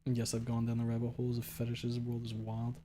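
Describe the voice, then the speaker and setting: Young male streamer, casual and jokey, rambling chat with viewers, loud bursts and low mutters. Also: fast, slight background noise. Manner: jokey and rambling, swings between loud excited bursts and low mumbled asides.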